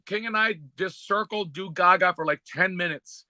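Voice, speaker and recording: Enthusiastic host guy, kinda high bright voice, dry close sound. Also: normal speed, dry recording. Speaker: podcast host. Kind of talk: casual chat.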